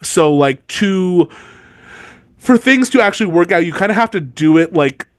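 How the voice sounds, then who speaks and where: High-pitched and animated at a moderate pace, his voice is captured dry and at studio quality. This co-host rambles through a relaxed book-series discussion on a podcast, peppering it with "like" and feigned indignation.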